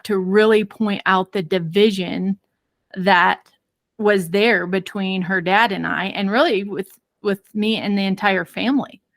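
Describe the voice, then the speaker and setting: A woman parenting expert telling a personal story in an interview, lively and acting out quoted voices. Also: medium pitch, no room sound. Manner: many fillers and restarts.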